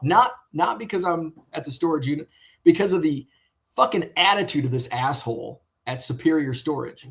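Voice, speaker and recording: A man's voice: fairly high pitch, expressive, moderate pace, gravelly, a bit bright. A man vlogging casually about his sports card hobby, rambling and swearing as he vents about a bad customer service experience. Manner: rambling and profane, retelling with exasperation. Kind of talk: casual venting monologue.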